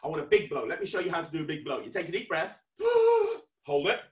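A man with a British accent hosting an interactive children's magic show over video, playful and mock-stern, building to excited shouts. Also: a little high, very fast, echoey room, distant mic. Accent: British English. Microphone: webcam.

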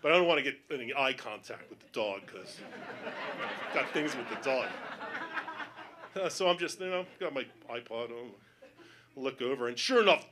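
A male stand-up comedian telling a story on stage, acting out the voices of other people and building up to panicked shouting. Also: medium pitch, animated, normal speed, pauses often.

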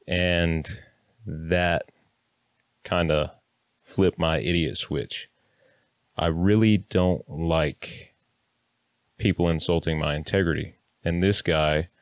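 A man's voice: deep voice, slow pace, pauses often, no echo, clean studio sound. A man in his thirties telling a personal story to camera in a blunt, plainspoken way, now and then swearing and acting out what people said. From Kansas, United States. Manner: blunt, plainspoken, occasional swearing, acts out quotes.

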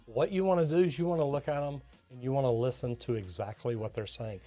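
A man, a plumbing educator, giving an energetic, emphatic business lesson to tradespeople and acting out talks with customers. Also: medium pitch, a little fast, few pauses, faint music behind.

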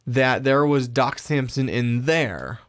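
A man co-hosting a podcast in an easygoing chat. He pauses often with ums and searches for words. He trails off and restarts his thoughts. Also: mid-range voice, lively intonation. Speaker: podcast co-host. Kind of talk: casual chat.

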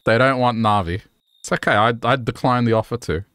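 A man's voice: mid-range voice, brisk, a bit bright, a little hiss or hum. A man streaming a video game, giving wry, offhand commentary. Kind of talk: gameplay commentary.

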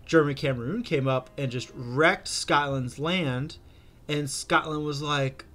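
A man's voice: on the high side, unhurried, sharp tone. A young man hosting a gaming channel, chatting casually through a strategy game with lots of fillers and restarts.

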